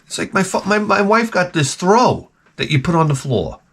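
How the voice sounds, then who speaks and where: Guy ranting funny stories, cussing a lot, restarts mid word, super lively up and down voice. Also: sits high, moderate pace, slightly rough. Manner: animated, profane, stammering restarts. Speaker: retro game channel host. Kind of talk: rambling comedic rant.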